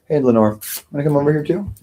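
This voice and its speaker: A tired man rambling through a casual livestream chat, halting and restarting often, swearing freely. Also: on the high side, animated, highs cut off. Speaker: livestream host.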